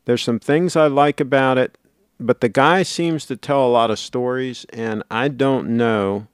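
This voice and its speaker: A middle-aged man chats casually on a livestream, reading viewer comments and answering them as they come. His talk rambles and doubles back on itself, at a mid-range pitch, with a dry, close sound and no room echo. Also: measured pace, clear, resonant tone. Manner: rambling, chatty, self-correcting.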